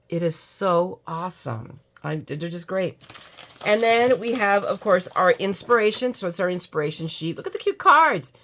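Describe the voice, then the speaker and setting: Drowsy chatty American woman. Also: on the low side. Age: middle-aged. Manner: chatty, gushing, self-mocking, yawning. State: drowsy from allergy medicine. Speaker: crafting YouTuber. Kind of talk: casual unboxing chat.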